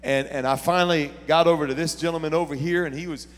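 A man preaching a sermon as pastor, telling stories and building to shouted preaching. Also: fairly high pitch, steady tone, fast talker, long reverb tail. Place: church sanctuary.

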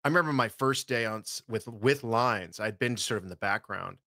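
An American man in a casual podcast interview, telling stories in an animated way and slipping into quick impressions. His voice is low and bright, and the recording is close and dry. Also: no echo. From United States. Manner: animated storytelling, slips into impressions. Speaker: guest actor.

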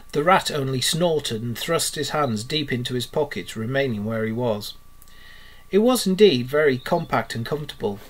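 A man reading a children's book aloud in a steady, expressive storytelling manner. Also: medium pitch. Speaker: reader.

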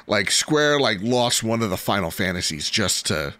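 A man's voice: lowish voice, sing-song, moderate pace, bright, forceful tone. A man in his thirties co-hosting a podcast, chatting casually and rambling with plenty of "like" fillers. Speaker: podcast co-host. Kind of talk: casual chat.

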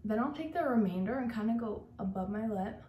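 A woman's voice: fairly high pitch, expressive, a little fast, dark tone, a little hiss or hum. A young woman, a makeup artist, chatting casually through a makeup tutorial, gushing and saying "like" a lot. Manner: chatty and gushing, heavy use of "like". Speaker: makeup artist and beauty vlogger. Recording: echoey room.

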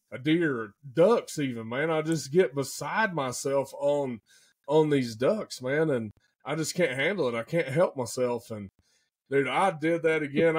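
A man, a podcast guest telling a story in an excitable, animated way and often saying "man" and "dude". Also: on the high side. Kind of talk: casual storytelling.

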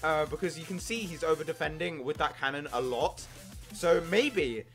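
An excitable young man giving casual gameplay commentary, jumping into yelps when things go wrong. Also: fairly high pitch, normal speed, soft background music. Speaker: gaming YouTuber.

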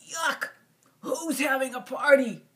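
A woman voicing a grumpy male grouch who lives in a trash can, growling and shouting his complaints during a storybook reading. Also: high voice, slow, voice pushed up, exaggerated voice.

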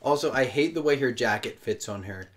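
A man's voice: medium pitch, animated, a little fast. A young American man co-hosting a casual gaming chat, rambling and opinionated with lots of fillers. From United States. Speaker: co-host playing a video game.

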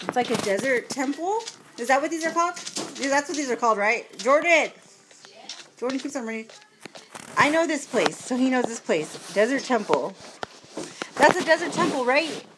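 A woman with a fairly high voice talks her way through a mobile game in casual commentary. Her pitch rises and falls a lot, and she giggles and apologizes often. A faint hiss sits under the recording. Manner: chatty, giggly, quick to apologize.

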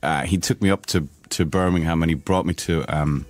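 A man with a low, deep voice talks casually as a guest on a radio show. He is soft-spoken and hesitant, often stumbling over the start of a sentence before finding his point. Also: a little fast. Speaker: guest actor.

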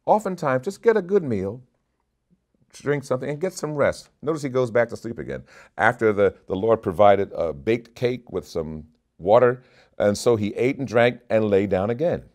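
A man's voice: fairly low pitch, darkish tone. A man preaching a sermon as bishop, stressing his points by repeating short commands.

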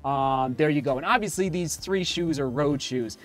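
Excitable high-voiced male running vlogger. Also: normal speed. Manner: exclaims and gasps a lot. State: slightly out of breath. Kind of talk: excited unboxing vlog. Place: hot home studio.

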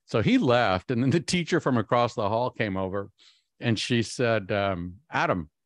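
A man's voice: mid-range voice, normal speed, dry recording. Man, fifties, keynote speaker, self-deprecating storyteller, lots of ums and restarts, dry close sound. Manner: animated, self-mocking, frequent ums and restarts.

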